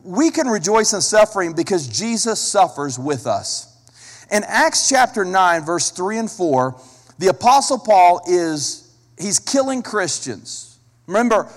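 A man preaching a sermon as a pastor, emphatic, repeating key phrases and asking the listeners direct questions. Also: high-pitched. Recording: long hall reverb.

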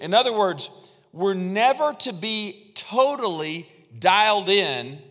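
A man pastor delivers a sermon in a church sanctuary, talking in a loose, conversational way and often repeating phrases. He calls out to the congregation to answer back. His voice sits high for a man and trails off into a long hall reverb. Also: a bit bright. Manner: conversational preaching with repetitions and audience call-and-response.

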